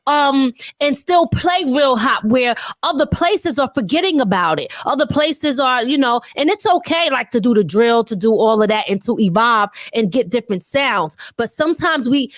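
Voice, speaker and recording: A woman's voice: on the high side, animated, moderate pace, few pauses, dry recording. A woman from the US hosting an interview, chatty and loose, laughing easily. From United States. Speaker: interview host. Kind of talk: casual interview chat.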